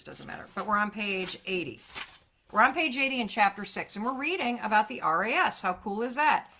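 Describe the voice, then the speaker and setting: Woman motivational speaker on a live stream, punchy and profane, pitch and volume leaping around. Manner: energetic, emphatic, profane, big swings in pitch and loudness.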